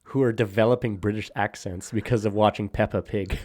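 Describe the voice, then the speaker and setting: A man's voice: on the low side, steady tone, a little fast, darkish tone. A young man co-hosting a podcast, rambling and joking crudely in casual banter with lots of fillers and laughs. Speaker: podcast co-host.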